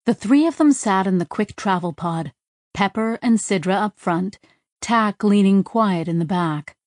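Woman narrator, slow pace, dry close sound, measured scripted reading. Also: mid-range voice, darkish tone, dry recording. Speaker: audiobook narrator.

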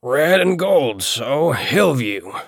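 A man voicing a curt, irritable old man who is hurt and in pain, speaking in a gruff, terse way. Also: mid-range voice, very animated, slow, no room sound, studio quality, pitched above the performer's own voice, heavily acted. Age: older.

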